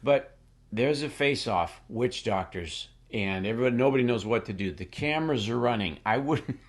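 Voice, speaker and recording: A middle-aged man hosting a casual Bible teaching show, animated and jokey, with quick asides and restarts. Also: mid-range voice.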